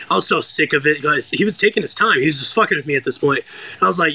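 Give me a bright-voiced young American man telling a story. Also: fairly high pitch, fast talker, vocal fry, husky. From United States. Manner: animated, profane, acts out quoted voices. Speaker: guest fighter. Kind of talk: casual interview storytelling.

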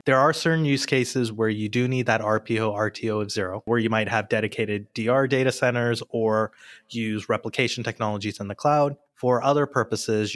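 A man appearing as a podcast guest, methodically explaining technical details in a steady way. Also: lowish voice, no room sound. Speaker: podcast guest, product expert. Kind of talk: explanatory tech discussion.

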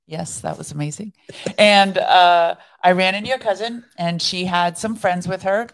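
Her voice sits on the lower side and moves at a moderate pace. As one of the podcast's co-hosts, she reflects earnestly on her faith journey during a relaxed faith chat.

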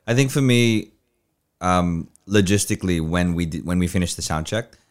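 A man co-hosting a podcast in casual chat, calm and measured with hesitant restarts. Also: low voice, clean tone. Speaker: podcast co-host.

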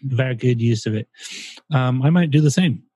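A man's voice: mid-range voice, brisk, warm tone, slightly rough, no echo, dull audio. A man co-hosting a casual podcast, rambling and joking with the odd swear word. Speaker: podcast co-host. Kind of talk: casual chat.

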